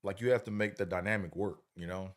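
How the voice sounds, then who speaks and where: Speaking quickly, a middle-aged man with a very low voice hosts a casual livestream chat. His style is easygoing and slangy, wandering between topics, and he frequently checks in with listeners.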